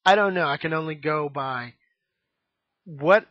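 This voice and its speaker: A man in his thirties rambles frankly through a casual vlog monologue, leaning on fillers as he goes. His voice sits a little high for a man. The recording is dull and lo-fi, with a dry sound and no room echo. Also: measured pace. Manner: rambling, frank, many fillers and "you know". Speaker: vlogger.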